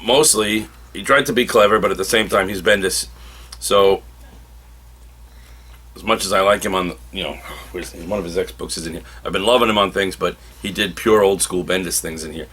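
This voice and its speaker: A man reviewing comic books in a casual, animated way, now and then acting out characters' lines. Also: low voice, a little fast, husky.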